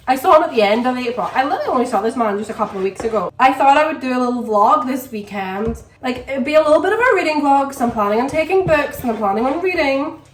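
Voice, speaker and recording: A woman's voice: on the high side, slight background noise. A young woman, chatting casually to camera for a vlog, rambling and full of "like". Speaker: vlogger. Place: home kitchen. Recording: echoey room.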